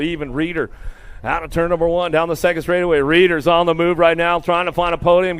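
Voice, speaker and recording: Excitable high-voiced man calling BMX races. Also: clean tone. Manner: rapid-fire calling of rider names, excitable. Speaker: race announcer. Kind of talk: live BMX race commentary.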